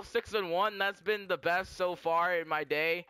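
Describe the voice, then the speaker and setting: A young man giving rambling, excitable live commentary over his gameplay, often stopping to correct himself. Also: sits high, a little slow, clean tone. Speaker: gaming commentator.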